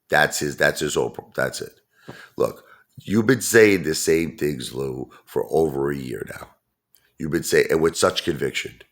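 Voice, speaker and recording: A man hosting his own channel, talking straight to viewers in a brash, mocking, repetitive rant. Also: extremely low pitch. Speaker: channel host. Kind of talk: ranting vlog monologue.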